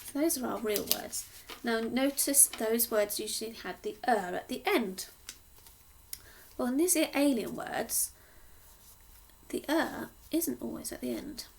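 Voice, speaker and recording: A woman teacher from Cornwall slowly sounding out words in a sing-song phonics lesson for young children. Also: fairly high pitch, big pitch swings, a little hiss or hum. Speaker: primary school teacher.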